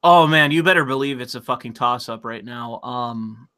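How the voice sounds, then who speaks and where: A man's voice: mid-range voice, moderate pace, bright, forceful tone. A man hosting a casual online political chat, talking in a loose, profane, ranting way and often repeating words as he goes. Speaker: host.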